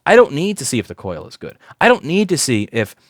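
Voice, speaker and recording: A man's voice: mid-range voice, wildly swooping pitch, a little fast, dry recording, studio quality. Blunt, profane repair technician man. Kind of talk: hands-on repair tutorial. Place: repair shop workbench.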